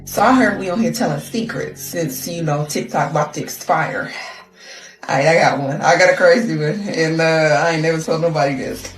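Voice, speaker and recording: American woman, gossipy storyteller, echoey room, loud music under her. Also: low voice, moderate pace. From United States. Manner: slangy, dramatic, gossipy. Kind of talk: casual storytelling on social media.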